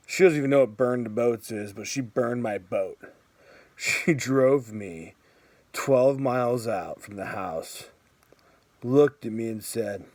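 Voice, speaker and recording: A man's voice: medium pitch, moderate pace, a little mellow, no room sound. A man in his thirties telling a story in a casual vlog, chatty, with lots of fillers and frequent laughs. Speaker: vlogger.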